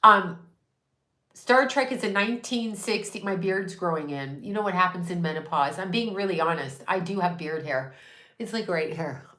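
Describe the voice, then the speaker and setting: A woman's voice: fairly low pitch, normal speed, bright, forceful tone. A woman in her fifties hosting a casual, rambling monologue, irreverent and profane, with laughing asides. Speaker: host. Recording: echoey room.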